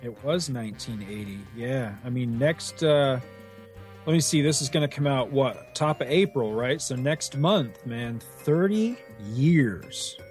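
A man's voice: medium pitch, normal speed, soft background music. A man co-hosting a casual podcast, rambling, laughing often and swearing casually into a studio microphone. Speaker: podcast co-host. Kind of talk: casual chat.

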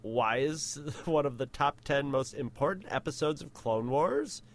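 A man's voice: medium pitch, animated, a little slow, a little hiss or hum. A man voicing a bubbly young woman in a lilting valley girl voice.

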